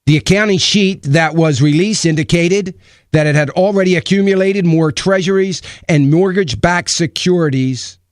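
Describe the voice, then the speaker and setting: Male radio host, slightly high voice, dry close studio mic, emphatic and opinionated delivery. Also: a little mellow, no echo. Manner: opinionated, emphatic, rhetorical questions. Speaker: radio talk show host. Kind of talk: radio talk commentary. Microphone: studio microphone.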